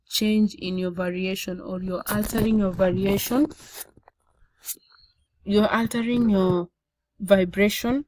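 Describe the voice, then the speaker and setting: A woman's voice: mid-range voice, a little mellow, dry recording, poor audio. A young adult woman teaching a lecture-style lesson, often repeating words and checking in with "okay?". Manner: repetitive, frequent "okay?" check-ins. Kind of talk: explanatory classroom lecture.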